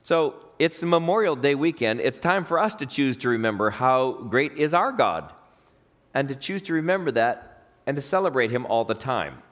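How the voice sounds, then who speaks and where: A man preaching a sermon as pastor, telling stories and acting out quoted voices with big swings in pitch. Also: animated, moderate pace, a bit bright.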